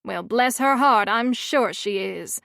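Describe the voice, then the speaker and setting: Sugary spiteful mom, a woman doing her, fake-sweet, highish voice, dry sound. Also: normal speed, a bit bright, no echo. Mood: falsely sweet. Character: Southern society mother, falsely sweet and spiteful.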